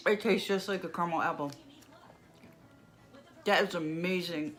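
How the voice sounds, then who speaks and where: A woman from New York State doing a candy taste-test vlog, savoring each bite and humming with delight. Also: lowish voice. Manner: slow, savoring, lots of happy humming. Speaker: vlogger.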